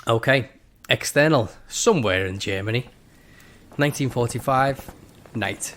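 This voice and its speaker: A man's voice: mid-range voice, unhurried, a bit bright. A man with a slight cold, co-hosting a comedy podcast and reading a bad screenplay aloud, often breaking into laughter. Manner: reads with frequent laughter. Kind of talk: comedic script reading with put-on voices.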